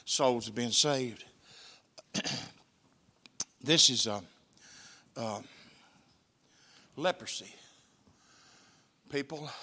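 A man's voice: mid-range voice, sharp tone. A man, a missionary preacher telling a testimony in a church sermon, folksy and emphatic. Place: church sanctuary.

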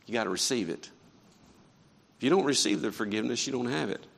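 A man preaching a sermon in a church, swinging between quiet earnest stretches and fervent raised passages. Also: medium pitch, expressive, quick pace, gravelly, husky, in a large hall. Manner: impassioned preaching with rising and falling intensity. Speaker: pastor. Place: church sanctuary.

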